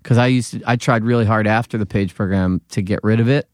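A man's voice: on the low side, quick pace, no room sound. A man from the Philadelphia area with a Philadelphia accent, a comedian and TV writer chatting as a podcast guest in a studio and telling stories in a self-deprecating way. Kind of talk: casual chat. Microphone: studio microphone.

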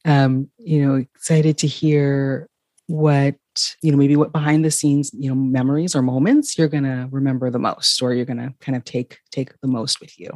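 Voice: mid-range voice, flat delivery, normal speed, darkish tone, no echo, studio quality. An interviewer chatting casually, laughing often and talking with lots of fillers and restarts.

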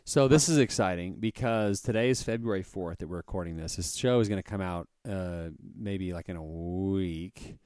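A man hosting a casual interview podcast, friendly and jokey, with quick reactions. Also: deep voice, a little mellow, smooth, no echo, clean studio sound. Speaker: podcast host.

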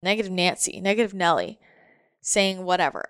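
A woman's voice: fairly low pitch, normal speed, fairly bright tone, clean tone, dry recording, clean studio sound. A woman giving a casual, reflective motivational monologue, full of fillers like "like" and repeated phrases.

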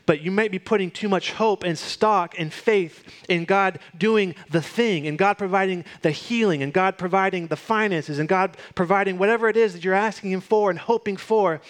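Male pastor, slightly high voice, conversational sermon that moves from hushed to urgent.

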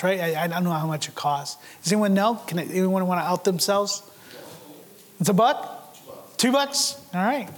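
A man preaching a sermon as pastor, earnestly putting rhetorical questions to his congregation in a church sanctuary. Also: sits high. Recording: long hall reverb.

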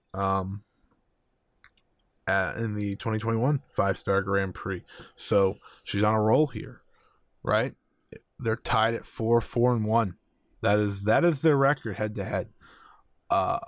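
A man's voice: fairly low pitch, no echo, studio quality. A man hosting a solo wrestling podcast, chatting enthusiastically with lots of fillers and repeated phrases. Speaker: podcast host.

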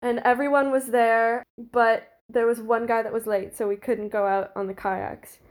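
A young woman in her twenties talks through a personal story as a podcast guest, her voice sitting a little on the high side. She rambles happily, leans on "like" and breaks into laughter often. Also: flat delivery, normal speed. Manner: chatty, frequent "like" fillers and laughter. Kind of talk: casual storytelling.

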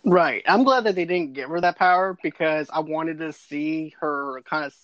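A man co-hosts a relaxed chat about a TV series, talking freely and laughing often. His voice sits a bit high. The sound is dry and dull, as from a lo-fi mic. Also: moderate pace, no room sound. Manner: chatty, laughs often, repeats words. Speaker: podcast co-host. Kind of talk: casual TV recap chat.

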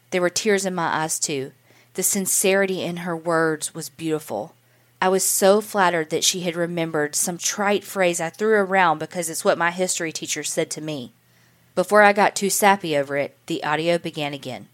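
A woman's voice: lowish voice, moderate pace. A woman narrating a story as a teacher, in an earnest, emotional storytelling manner. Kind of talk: scripted narration.

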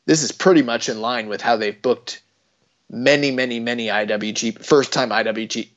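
A man co-hosting a podcast, talking in a loose, rambling way with jokes and casual swearing. His voice sits at an ordinary pitch. The recording is dull and lo-fi. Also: steady tone, moderate pace, fairly bright tone. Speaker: podcast co-host. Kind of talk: casual wrestling chat.

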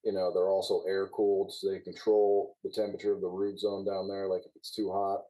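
A man who worked as a golf course superintendent, chatting casually on a podcast and explaining turf care in a relaxed, knowing way. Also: low-pitched, brisk, low-quality recording.

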